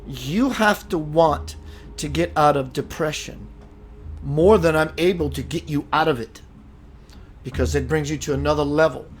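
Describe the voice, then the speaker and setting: A man's voice: on the high side, moderate pace, slight background noise. A man hosting a live spiritual talk show, speaking emphatically and calling his viewers sister and brother as he reads their comments.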